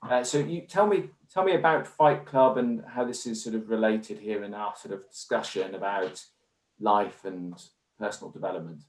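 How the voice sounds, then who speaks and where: A man's voice: fairly low pitch, moderate pace. Earnest English man in a roomy room. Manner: earnest and discursive. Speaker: guest. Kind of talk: conversational interview. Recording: roomy echo.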